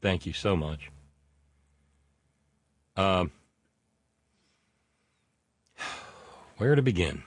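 A man's voice: deep voice, lively intonation, very slow, pauses often, slightly rough, no room sound. A man hosting a casual political talk show, reading out listener messages in a rambling, sardonic way with many fillers.

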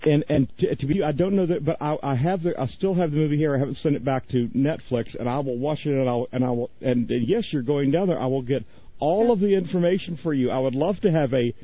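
A man hosts a late-night radio call-in show, rambling, chuckling and gushing about his guests. His mid-pitched voice is dry and narrow, close to a phone line. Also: fast, no echo. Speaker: radio talk show host.

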